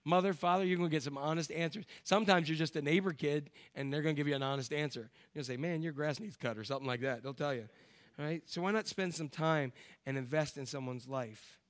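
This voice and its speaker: A man preaching a sermon, telling stories with loud bursts of emphasis and quiet, hushed asides. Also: fairly high pitch, fast. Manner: animated storytelling, swings between loud emphasis and quiet asides. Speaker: pastor.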